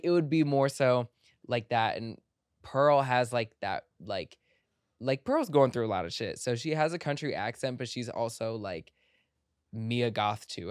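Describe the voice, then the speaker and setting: A low-middle voiced podcast host chatting in a studio. The talk rambles playfully, packed with "like" fillers. The sound is dry and close. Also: no echo. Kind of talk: casual chat.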